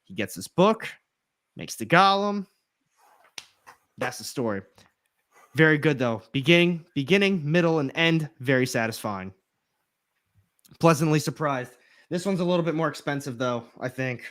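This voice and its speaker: A man co-hosting a comic book livestream, talking in a relaxed, chatty way with trailing fillers. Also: on the high side, normal speed, pauses often. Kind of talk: casual chat.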